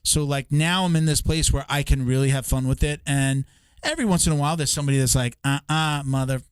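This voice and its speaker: A man's voice: fairly high pitch, quick pace, clear, resonant tone, no echo. A middle-aged man hosting a podcast, joking and wandering off on tangents. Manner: rambling, jokey, goes off on tangents. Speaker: podcast host. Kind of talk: casual podcast chat.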